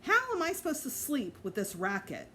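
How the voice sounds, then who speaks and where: A woman's voice: high-pitched, wildly swooping pitch, normal speed, fairly bright tone, slight background noise, pitched above the performer's own voice, heavily acted. A woman voicing a grumpy, snooty teenage girl who talks haughtily and irritably. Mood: irritated.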